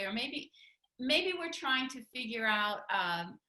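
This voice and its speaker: Woman workshop speaker, bright, slightly high voice, chatty with restarts, echoey room. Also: very animated, slow pace. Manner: chatty, laughs often, many restarts. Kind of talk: teaching talk with spouse.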